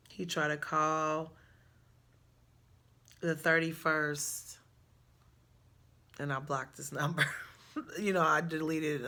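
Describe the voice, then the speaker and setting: A woman telling a personal story in a chatty, animated way, jumping high with excitement in places. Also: creaky.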